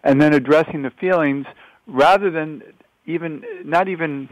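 A man's voice: on the high side, normal speed, dry recording, rough recording. A man hosting a conversational interview, affirming and summarizing his guest's points. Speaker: host.

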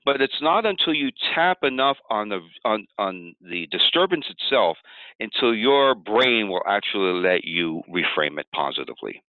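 Male tapping teacher, low voice, patient demo style, heard through a narrow phone-line sound. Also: moderate pace, no echo. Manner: calm, explanatory, acts out upset self-talk while tapping. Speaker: tapping technique instructor. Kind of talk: demonstration walkthrough. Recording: tinny phone-like audio, dry.

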